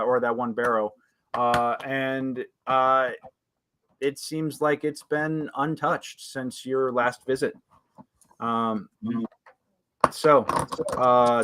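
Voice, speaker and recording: A man acts as game master for an online tabletop session, describing scenes and calling for rolls. He talks in a halting way, full of ums and uhs. His voice sits at an ordinary pitch, with a faint hiss behind it. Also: fairly bright tone. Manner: hesitant, many fillers.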